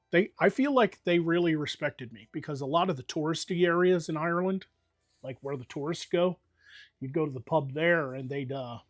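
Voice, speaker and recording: A man's voice: on the high side, no echo, clean studio sound. An American man streaming and chatting casually, telling rambling, profane stories with lots of fillers. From United States. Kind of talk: casual chat.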